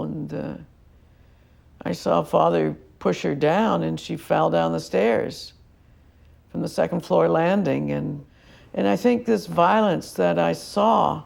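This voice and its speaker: An older woman recalling her past in a documentary interview, speaking in a measured, plain way with small pauses. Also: sits low, vocal fry, darkish tone.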